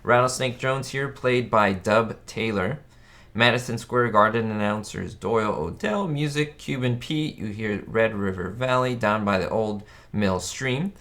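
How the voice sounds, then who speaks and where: A man with a somewhat low voice hosts a casual live stream. He chats in an upbeat, rambling way, with plenty of fillers and restarts. He reads viewers' comments aloud as he goes. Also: a little slow, fairly bright tone. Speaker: channel host.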